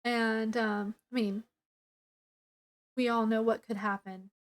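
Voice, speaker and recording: A woman's voice: fairly high pitch, level tone, takes it slowly. A woman casually reviewing a book, retelling the plot in a rambling way with lots of fillers.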